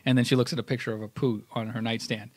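Male podcast co-host, mid pitch, dry close sound, casual and reflective. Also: little pitch movement, fast, darkish tone, no room sound. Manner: thoughtful, many restarts, explains at length. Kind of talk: casual chat.

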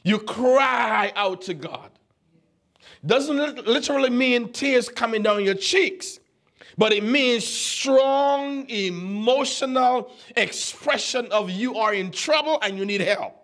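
A man in his twenties preaching a sermon, teaching the Bible with animated, teasing questions to his congregation. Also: very high-pitched, slow. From U.S. Virgin Islands. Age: 20s.

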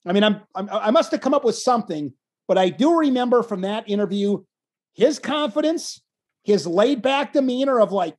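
A man, a wrestling commentator, telling a story in a casual interview, animated and self-deprecating, often restarting his phrases. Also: high voice, moderate pace.

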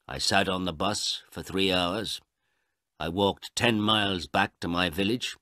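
A man reading a graded story aloud for English learners, slowly and carefully. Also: low-pitched, no room sound, clean studio sound. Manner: slow, careful and expressive. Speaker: story reader.

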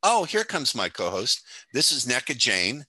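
An older man, a hypnotist guest on a podcast, explaining his ideas in a measured, confident way. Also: mid-range voice, sing-song, pushed and bright, slightly rough, no room sound. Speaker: hypnotist and motivational speaker guest. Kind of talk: podcast interview conversation.

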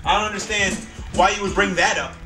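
A man's voice: high-pitched, steady tone, quick pace, over music, natural voice. Man playing a defensive partner, sarcastic, far from the mic. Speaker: actor in a music video skit. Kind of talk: improvised couple argument. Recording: echoey room, distant mic.

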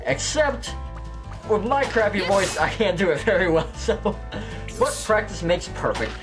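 A man with a slight lisp rambles through casual gameplay commentary, joking at his own expense and swearing now and then. His pitch jumps around in a lively way, and faint music plays underneath. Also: unhurried. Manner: rambling, self-deprecating, swears and laughs. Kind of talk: casual let's-play commentary.

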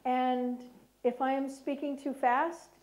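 A middle-aged woman and former prosecutor giving a talk to an audience in a lecture room, speaking slowly and chatting directly with the listeners. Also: sits high, little pitch movement, a little mellow, low-quality recording.

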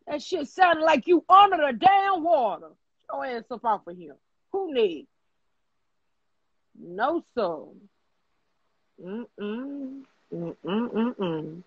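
A woman hosting a livestream talent show, brash and teasing, hyping up callers with loud casual banter. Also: a little high, very animated, slow, pauses often, slightly rough, no room sound, dull audio. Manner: brash, teasing, hypes people up with shouts and laughs.

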